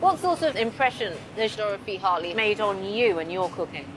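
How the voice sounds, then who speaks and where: A woman's voice: medium pitch, fairly quick, noisy background. A woman historian and curator presenting and narrating a documentary with keen enthusiasm. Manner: enthusiastic, expressive.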